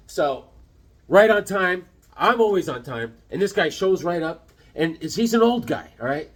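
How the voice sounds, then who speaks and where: A man's voice: fairly high pitch, lively intonation, moderate pace, husky. A man chatting casually in a vlog, rambling and joking as he shows off his comic collection at home. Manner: rambling, jokey, loose.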